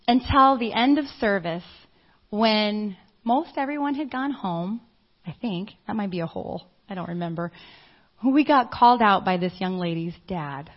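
Middle-aged woman preaching, lively storytelling, kinda dull lo-fi sound. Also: mid-range voice. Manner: animated storytelling, acts out quoted voices. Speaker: church speaker. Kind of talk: sermon with personal story. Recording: dull lo-fi audio.

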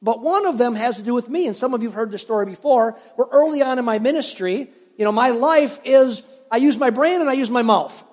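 A man's voice: extremely high pitch, animated, a little fast, few pauses, a little mellow. A middle-aged man preaching a sermon as pastor, talking conversationally and telling stories while putting questions to his congregation. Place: church sanctuary. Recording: long hall reverb.

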